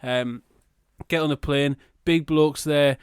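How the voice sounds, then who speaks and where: A man's voice: on the high side, fairly even intonation, slow pace, clear, resonant tone, no echo, studio quality. A man co-hosting a podcast, riffing in a sweary, playfully exaggerated way. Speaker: podcast co-host. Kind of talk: casual comedic chat.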